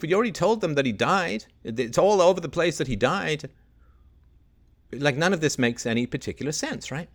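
A man's voice: on the high side, animated, moderate pace. A middle-aged man hosting a solo livestream, reading news aloud and picking at it with sarcastic, exasperated rhetorical questions. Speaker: livestream host.

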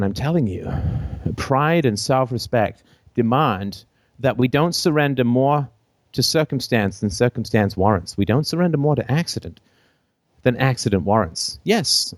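A British-accented man hosting a call-in show, talking off the cuff in an animated way, laughing often between phrases, with a theater-trained voice. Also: lowish voice, no room sound, clean studio sound. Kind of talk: unscripted call-in show monologue.

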